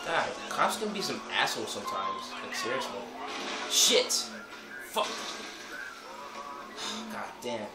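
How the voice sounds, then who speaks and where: A man's voice: medium pitch, sing-song, slow, long pauses. A young man giving casual, profane gameplay commentary, swearing and rambling as he plays. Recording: echoey room with game music behind.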